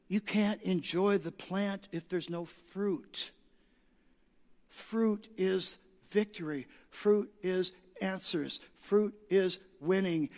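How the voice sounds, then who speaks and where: A man preaching a sermon emphatically, hammering points in repeated lists and rising to shouts. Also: high-pitched. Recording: long reverb of a large hall.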